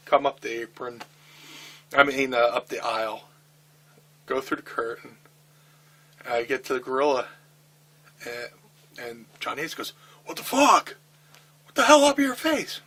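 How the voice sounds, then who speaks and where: A middle-aged man telling a candid, profane backstage story in an interview, acting out what people said. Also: medium pitch. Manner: profane, animated storytelling with acted-out quotes.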